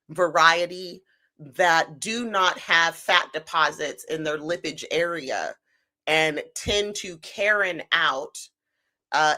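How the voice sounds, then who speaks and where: A woman's voice: low-pitched, pushed and bright. A woman hosting a live stream, mocking and riffing on the clips she plays in casual, sarcastic chat. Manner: sarcastic, mocking, laughing commentary. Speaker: stream host.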